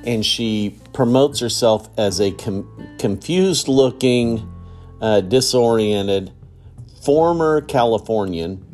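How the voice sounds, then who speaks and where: A middle-aged man, hosting a casual solo podcast in a relaxed, rambling way with many fillers. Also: lowish voice, takes it slowly, faint music behind. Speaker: podcast host.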